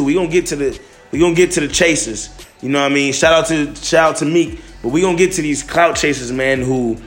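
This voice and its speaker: A man hosting a solo podcast, talking loosely with lots of restarts and fillers. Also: on the high side. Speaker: podcast host. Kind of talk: casual solo podcast monologue. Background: faint music.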